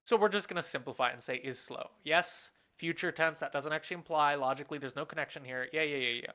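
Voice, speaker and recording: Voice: mid-range voice, quick pace, bright, forceful tone, clear, resonant tone. A professor giving a recorded lecture, thinking aloud, asking questions and answering them, and often correcting themself mid-sentence. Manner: asks the class questions and then answers them.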